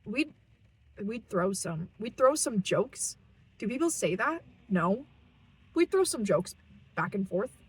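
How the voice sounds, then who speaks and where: A woman's voice: mid-range voice, big pitch swings, slow pace, pauses often, slightly rough, rough recording. A young woman chatting to camera from her parked car, rambling and self-deprecating with giggles. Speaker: vlogger. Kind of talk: casual rambling monologue.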